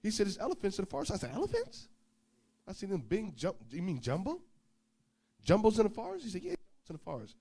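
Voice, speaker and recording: Male preacher, higher voice, lively storyteller who acts out the dialogue himself, informal sermon. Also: rapid-fire, few pauses, breathy edge. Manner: animated storyteller, acts out dialogue, swings loud and soft.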